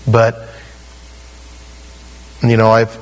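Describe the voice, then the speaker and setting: A man's voice: fairly low pitch, completely flat delivery, drawn-out words, poor audio. A middle-aged man preaching a sermon in a conversational way, acting out the quotes he tells. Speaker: pastor.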